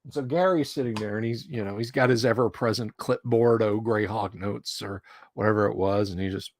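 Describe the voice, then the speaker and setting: A middle-aged man streams close to his mic, chatting casually and telling rambling anecdotes. His voice is fairly low and moderately paced, in a dry recording.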